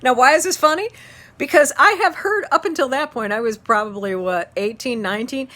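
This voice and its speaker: A woman in her fifties from Ohio, an instructor telling a story to her class in an animated way and laughing often. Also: high-pitched, a little fast. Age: 50s. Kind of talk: storytelling lecture.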